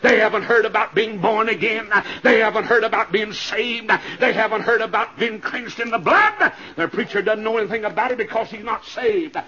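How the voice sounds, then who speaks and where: Fiery male revival preacher, high and husky, muffled old LP sound. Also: normal speed, few pauses. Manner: fiery, swings from low asides to sudden shouted climaxes. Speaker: evangelist. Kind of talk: shouting revival sermon. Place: church. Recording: muffled 1970s LP recording.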